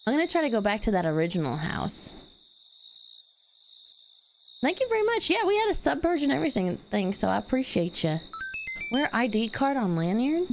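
A woman's voice: on the high side, big pitch swings, fast talker, a little mellow, a little hiss or hum. A woman streaming a game live, chatting casually, giggling and thanking viewers over and over.

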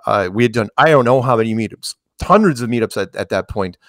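A man's voice: mid-range voice, animated, fast, fairly bright tone, no room sound, clean studio sound. A man in casual conversation, telling long stories with many restarts and acted-out quotes. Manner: rambling, restarts, acts out quoted dialogue. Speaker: interview guest.

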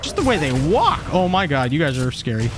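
A man streaming a game, reacting with excited, jokey commentary and frequent laughs. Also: a little high, brisk, music in the background. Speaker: gaming streamer.

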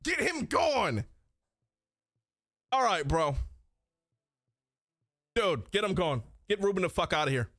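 Excitable high-pitched male streamer. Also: slow, pauses often, no room sound, clean studio sound. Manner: loud, excitable, swearing, laughing. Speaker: livestreamer. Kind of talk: casual livestream chat. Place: indoor streaming setup.

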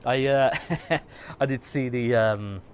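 A man's voice: mid-range voice, steady tone, slow pace, slight background noise. A man streaming a game, chatting and joking and muttering asides to himself as he plays. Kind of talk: casual gaming commentary.

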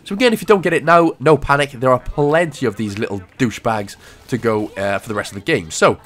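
A man's voice: mid-range voice, brisk, fairly bright tone. A young Welsh man giving casual, rambling gameplay walkthrough commentary with jokey asides. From Wales.

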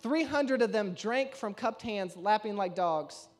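Man, pastor, sermon, high-pitched voice, animated storytelling, playful quoted voices. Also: unhurried, soft background music.

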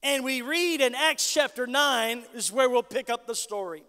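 A man preaching a sermon as pastor, telling a Bible story and then rising to loud exhortation. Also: very high-pitched. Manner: builds from measured storytelling to shouted exhortation. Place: church sanctuary. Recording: long church hall reverb.

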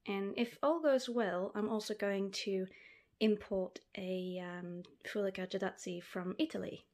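A young woman vlogging as she unboxes pet snails, soft-spoken with frequent ums. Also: medium pitch, steady tone, a little slow. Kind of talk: casual unboxing vlog.

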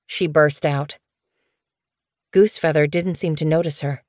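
A woman with a low voice narrates an audiobook in a calm, even storytelling manner. The recording is dry and close, with no room sound. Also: a little slow, no room sound. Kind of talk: scripted narration.

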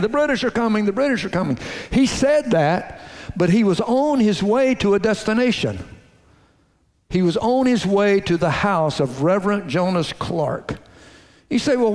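A man preaching a sermon to his congregation in a folksy, animated way, calling out to the crowd. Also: high voice, long reverb tail. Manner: folksy, animated preaching with audience call-outs. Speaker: pastor. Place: church sanctuary.

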